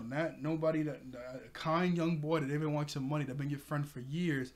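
A man casually recapping an anime episode. He laughs often and keeps correcting himself as he goes. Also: mid-range voice. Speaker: anime reviewer.

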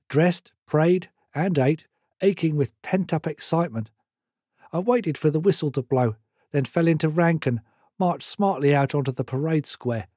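An older man reading his own memoir aloud in a measured storytelling manner. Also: fairly high pitch, mellow, husky, dry recording, clean studio sound. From Britain. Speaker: memoir author.

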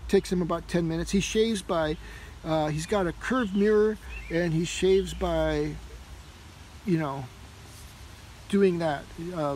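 A man's voice: sits high, a little mellow, slight background noise, poor audio. A man casually talking through a comic book issue in a rambling way, full of fillers and restarts. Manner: rambling, heavy on fillers like "you know" and "uh". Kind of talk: casual spoken review.

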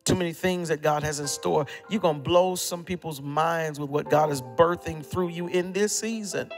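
High gravelly preaching man. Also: normal speed, in a large hall, faint music behind. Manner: emphatic preaching with repetition and sudden drops to quiet. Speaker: pastor. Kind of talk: sermon.

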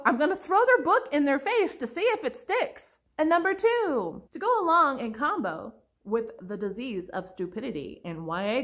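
A woman's voice: sits high, fairly bright tone. A young woman book vlogger giving a sarcastic, exasperated rant, now and then mocking others in put-on voices. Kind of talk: ranting vlog commentary.

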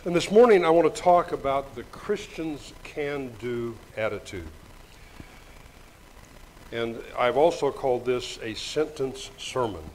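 A man's voice: mid-range voice, animated, a little mellow, a little hiss or hum, poor audio. Older man preaching with folksy jokes. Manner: folksy, joking asides, reads scripture slowly. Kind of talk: sermon. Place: church sanctuary. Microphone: microphone with monitor.

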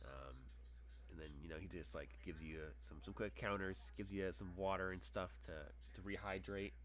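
Young man, low voice, game master narrating a tabletop fight, loose and halting with fillers. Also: fairly even intonation, fairly bright tone.

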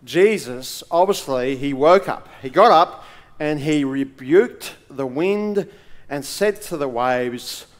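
A male pastor preaching a sermon in a church, emphatic, with dramatic pauses and swings between loud and soft. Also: on the high side, animated.

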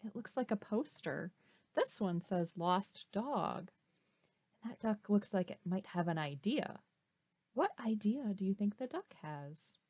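Woman librarian, storytime reader, unhurried and expressive, quizzes the kids, dull dry recording. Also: mid-range voice, slightly rough, no echo. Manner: animated, asks children questions. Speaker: children's librarian. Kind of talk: reading a picture book aloud. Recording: dull, slightly muffled recording.

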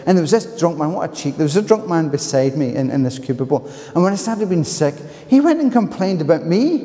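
A man with a Glaswegian accent preaching a sermon, telling a personal story in an animated way with loud, higher-pitched outbursts. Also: fast talker. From Scotland. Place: church. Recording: long reverb of a church hall.

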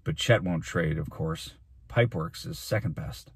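A man's voice: sits low, moderate pace, husky, no room sound, exaggerated voice. A man voicing an angry, earnest schoolboy who protests urgently. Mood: pleading.

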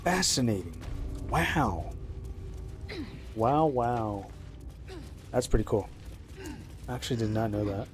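A young man streaming live, rambling chattily about his game with excitable reactions. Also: mid-range voice, slow, long pauses, soft background music. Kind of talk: live gameplay commentary.

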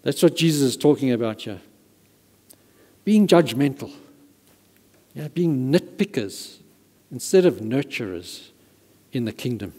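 A male pastor preaches with emphatic stress and repeats words to drive a point home. His voice is warm and mellow. The sound carries a long reverb from the church hall. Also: mid-range voice, lively intonation, a little slow, long pauses, slightly rough. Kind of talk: sermon.

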